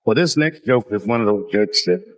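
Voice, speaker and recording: A man in his forties performing a loose, profane stand-up set, drawling with sudden jumps in pitch. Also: lively intonation, moderate pace. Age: 40s. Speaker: stand-up comedian.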